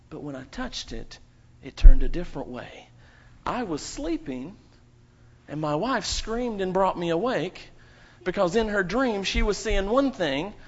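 Male pastor, high voice, church prayer and kids' story, playful questions to children, muffled lo-fi sound. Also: a little hiss or hum. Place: church sanctuary.

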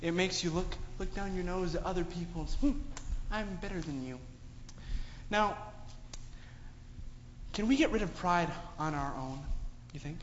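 A man with a high voice speaks at normal speed but leaves long pauses as he tells a moral story to children in a sermon. He narrates with animation and asks them lots of questions, heard in an echoey hall with dull sound and faint noise.

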